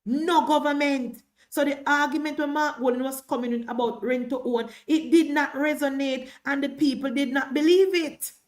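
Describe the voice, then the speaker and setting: A Jamaican woman with a high-pitched voice delivers live-stream political commentary. She talks in an emphatic, combative way, repeating her points again and again to drive them home. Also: steady tone, normal speed.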